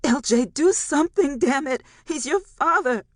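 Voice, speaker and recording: A narrator voicing a panicked elderly grandmother, pleading and shouting in a frantic, strained voice for a storybook reading. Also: sits high, expressive, moderate pace, no echo, studio quality, pitched above the performer's own voice. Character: panicked elderly grandmother begging her collapsed husband.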